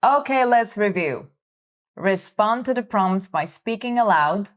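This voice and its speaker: Slow, careful woman language teacher. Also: medium pitch, expressive. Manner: careful, clear enunciation for repetition. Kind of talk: slow vocabulary lesson.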